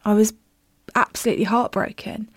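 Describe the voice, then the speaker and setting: A woman's voice: mid-range voice, steady tone, a little fast, no room sound, studio quality. Candid woman podcaster. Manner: candid, self-deprecating storyteller. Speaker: medium and podcast host. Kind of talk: casual podcast monologue.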